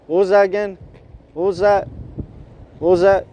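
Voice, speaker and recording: A man's voice: sits high, little pitch movement, moderate pace, mellow. A man vlogging in a rambling, profane rant, stumbling over his words and repeating himself. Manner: repetitive, stumbling, swears heavily, ranting.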